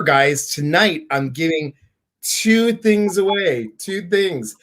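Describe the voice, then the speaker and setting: A man hosting a live stream, excitedly welcoming viewers by name in a casual, bubbly way. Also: a little high.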